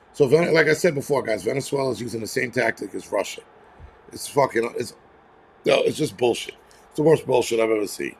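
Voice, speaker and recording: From his home near a terrace, a man hosts a casual livestream full of angry, blunt ranting, heavy swearing and rambling asides. His mid-range voice is creaky with a breathy edge, and he talks a little fast.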